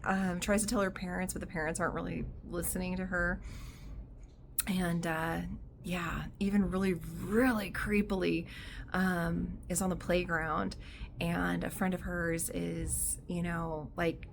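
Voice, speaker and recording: A woman talking casually in a book vlog, excitable and giggly, with many fillers between her thoughts. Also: on the low side, measured pace, vocal fry, slight background noise. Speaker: book vlogger.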